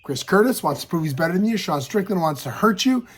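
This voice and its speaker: A man's voice: high voice, animated, fast. A man in his thirties with a scratchy throat, casually telling fight stories to camera and punctuating them with sound effects. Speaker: show host and pro fighter.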